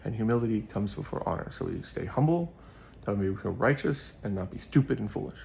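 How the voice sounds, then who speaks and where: A man's voice: fairly low pitch, expressive, a little fast, vocal fry, darkish tone, a little hiss or hum. A man hosting his own show, chatting casually about a Bible verse and rambling as he thinks aloud. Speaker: host. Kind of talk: casual scripture commentary.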